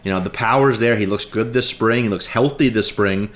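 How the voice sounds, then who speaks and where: Brief: male guest analyst, lowish voice, casual, stat-heavy, full of "like" and "you know". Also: brisk. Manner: rattles off stats, many "like" and "you know" fillers. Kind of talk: casual sports chat.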